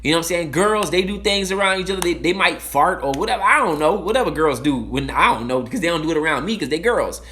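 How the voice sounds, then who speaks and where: A blunt, profane man speaking in a fairly high, bright voice that rises and falls with wide, lively swings. He drives his points home with emphasis, then drops into slower, lower asides. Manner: swings from loud outbursts to low, slow asides. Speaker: speaker giving a timed talk. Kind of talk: impassioned monologue.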